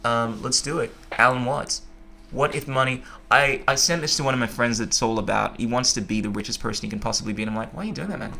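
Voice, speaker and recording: Bright, enthusiastic podcast host. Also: male voice, mid-range voice, fast, creaky, hardly any pauses, slight background noise. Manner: enthusiastic, emphatic, animated. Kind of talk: casual conversation.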